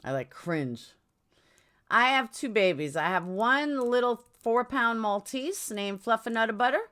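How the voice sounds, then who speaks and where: A middle-aged woman from New York hosts a relaxed home livestream, talking frankly and drifting across topics. Her voice is on the high side, animated and unhurried, with a clean and fairly bright quality.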